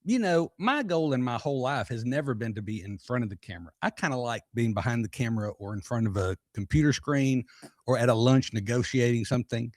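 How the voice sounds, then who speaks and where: A man's voice: mid-range voice, lively intonation, a little fast, a little mellow, no echo. A man with a Texan accent co-hosting a casual podcast, teasing in a dry, easygoing way. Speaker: podcast co-host. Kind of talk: casual live podcast chat.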